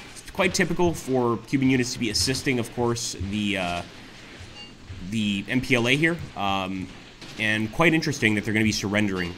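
A man talks through his strategy game as he plays, musing aloud and pausing often on fillers. His voice is bright and forward, and faint music plays behind him. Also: lowish voice. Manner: thinks aloud with frequent filler pauses. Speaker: gaming video host. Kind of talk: casual strategy game commentary.

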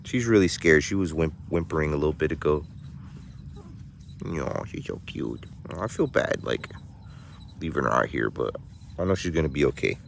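A man's voice: very deep voice, moderate pace, creaky, pauses often, slight background noise. A man hosting a casual farm vlog, chatty and laughing often, cooing at his animals. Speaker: vlog host. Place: outdoors on a farm.

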